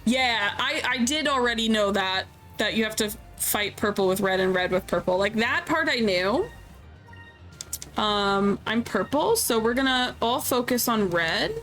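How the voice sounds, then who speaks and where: A woman's voice: on the high side, animated, measured pace, a bit bright, soft background music, rough recording. Chatty woman streamer, light voice. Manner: chatty and candid, reacts aloud. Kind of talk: casual gameplay commentary.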